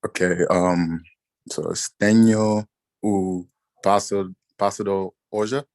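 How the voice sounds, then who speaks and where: A man learning a language in class, halting and hesitant, apologizing for his mistakes. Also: low-pitched, steady tone, a little mellow, no room sound. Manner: hesitant, halting, self-deprecating. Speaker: language student.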